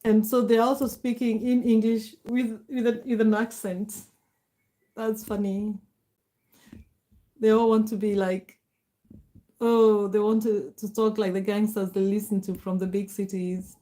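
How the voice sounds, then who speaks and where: A middle-aged woman hosting a casual livestream, warmly greeting viewers by name and laughing often. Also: mid-range voice, little pitch movement, unhurried. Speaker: livestream host. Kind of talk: casual livestream chat reading comments.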